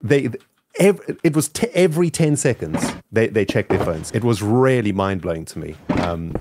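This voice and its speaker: A man telling an animated story over voice chat, with frequent restarts. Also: fairly low pitch, normal speed, noisy background. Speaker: game player on voice chat.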